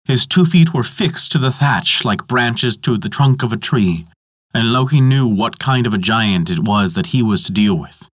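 A man narrating a mythology story in a measured, dramatic storytelling manner. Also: medium pitch, expressive, slightly rough, dry recording, clean studio sound.

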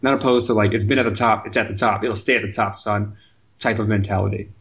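A man's voice: on the low side, fairly even intonation, quick pace, a bit bright. A man co-hosting a casual podcast, rambling through his opinions with restarts and asides. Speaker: podcast co-host.

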